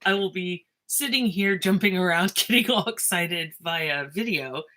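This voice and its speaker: A woman teacher recording a casual video lesson on her phone. She is excitable and animated, interrupts herself often and keeps laughing. Her voice is bright and sits a little low. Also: unhurried. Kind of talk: casual lecture video to students.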